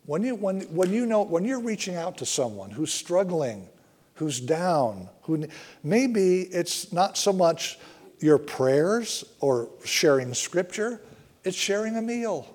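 A man preaching a sermon in an earnest way, often slowing down and dropping to a hush for emphasis. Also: high-pitched, very animated. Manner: earnest, slows and softens for emphasis. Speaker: pastor.

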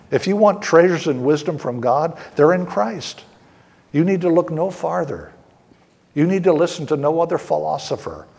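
A man preaching a sermon in an earnest, steady way, slowing down on key words for emphasis. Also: fairly high pitch, slightly rough, in a large hall. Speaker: pastor.

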